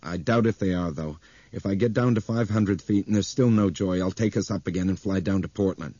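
A man voicing an airline pilot who speaks flatly and keeps tight control of his fear. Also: low voice, a little fast, slightly rough, no room sound, dull audio. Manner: flat, clipped. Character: tense airline pilot staying flat and controlled.

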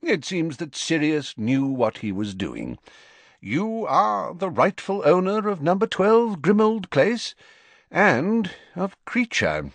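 Audiobook: calm old wizard headmaster, measured and courteous, slow and dry, read by a man. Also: on the high side, no echo, pitched above the performer's own voice, full character voice. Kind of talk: audiobook character voice.

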